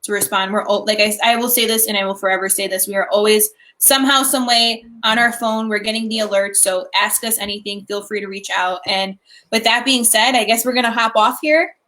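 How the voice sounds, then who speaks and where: A young woman co-hosting a casual live stream chat, gushing and excitable, with lots of "like" fillers. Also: medium pitch, brisk.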